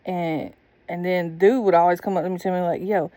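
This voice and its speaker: A woman's voice: fairly low pitch, little pitch movement, brisk, dark tone, no room sound. A woman telling a candid personal story in a blunt, profane, casual monologue. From Southern United States.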